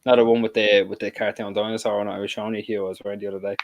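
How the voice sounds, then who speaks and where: A man's voice: lowish voice, flat delivery, rapid-fire, muffled recording, a little hiss or hum. A young man with a Dublin accent co-hosting a football watch-along, rambling and swearing freely as he reminisces. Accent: Dublin Irish. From Dublin, Ireland. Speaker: co-host.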